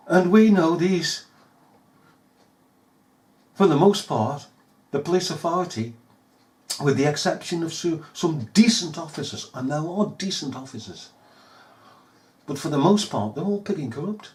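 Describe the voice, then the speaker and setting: A man's voice: fairly high pitch, lively intonation, a little slow, pauses often, darkish tone. A man giving scornful, emphatic commentary over news footage, full of rhetorical questions. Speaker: video commentator.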